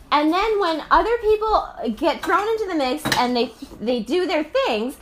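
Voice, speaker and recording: Animated, chatty high-voiced woman. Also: slight background noise. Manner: animated and chatty, full of filler and laughter. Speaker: mother. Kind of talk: casual reflective monologue.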